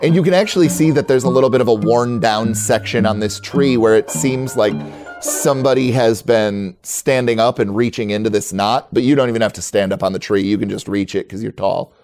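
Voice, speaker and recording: A man's voice: mid-range voice, fairly quick, darkish tone, soft background music. A man running a tabletop game as game master, describing scenes in a chatty, laughing way.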